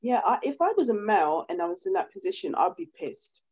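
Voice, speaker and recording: A woman's voice: mid-range voice, fast, husky. A woman chats in a casual podcast. She tells stories with animation and swears freely. The audio is a little dull and lo-fi. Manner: animated storyteller, swears, acts out quoted men.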